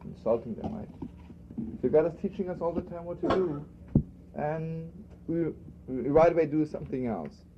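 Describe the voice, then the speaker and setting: A man's voice: on the high side, moderate pace, long pauses. Man teaching on a dull lo-fi recording. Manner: conversational, repeating himself for emphasis, frequent asides. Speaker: rabbi teaching a class. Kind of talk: informal spoken lesson. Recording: dull lo-fi archival recording with faint background noise.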